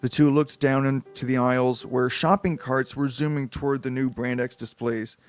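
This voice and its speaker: A man's voice: medium pitch, fairly even intonation, normal speed, clear, resonant tone, faint music behind. A man casually reading a novelization aloud on a live stream, with chatty asides. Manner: loose, chatty asides and restarts.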